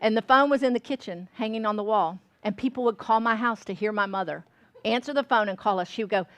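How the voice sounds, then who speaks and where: A Georgia woman runs a cooking class demonstration in a store classroom, her fairly high, fairly bright voice moving quickly with no echo. Folksy in manner, she often checks that listeners follow along.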